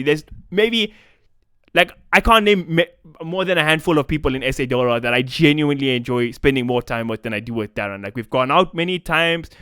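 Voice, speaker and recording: A man's voice: fairly high pitch, a bit bright, clean tone, dry recording, studio quality. A young South African man with a South African accent, ranting in a profane, casual-slang commentary vlog. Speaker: esports commentator.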